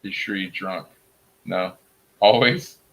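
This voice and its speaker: A man's voice: low-pitched, steady tone, slow pace, a bit bright. A man casually chatting with viewers on a livestream, joking around and laughing often. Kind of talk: casual live chat.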